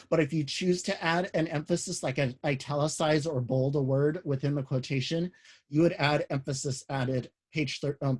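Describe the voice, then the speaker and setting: A man with a fairly high voice lectures a writing class over a video call. He talks loosely and conversationally, stopping and restarting his phrases and filling pauses with "um" as he walks through the rules. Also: darkish tone. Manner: casual, many "um"s and restarts, explains step by step. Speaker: college writing instructor.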